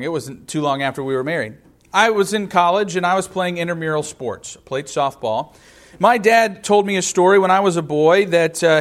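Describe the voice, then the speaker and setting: A pastor in his thirties delivers a sermon in a relaxed, chatty storytelling way. His voice sits a little on the high side for a man, and he weaves personal stories into the teaching. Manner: conversational, storytelling with personal anecdotes.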